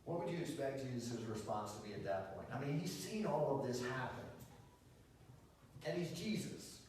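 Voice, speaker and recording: A man preaching a sermon as pastor, talking in a conversational, animated way with fillers and restarts, rising and falling in loudness to stress points. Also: medium pitch, moderate pace. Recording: echoey hall, distant mic, faint noise.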